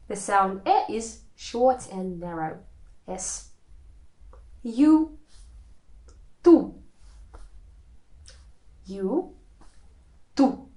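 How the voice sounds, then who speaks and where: A woman gives a recorded language lesson in a slow, measured voice. She walks through each rule carefully and stops to say example words aloud. The room around her has a noticeable echo. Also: medium pitch, mellow. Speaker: language teacher. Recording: echoey room.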